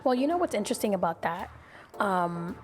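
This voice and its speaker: A young adult woman hosting a podcast, telling stories in a casual, animated way and acting out other people's voices. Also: medium pitch, a little fast. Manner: animated storyteller who acts out voices. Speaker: podcast host.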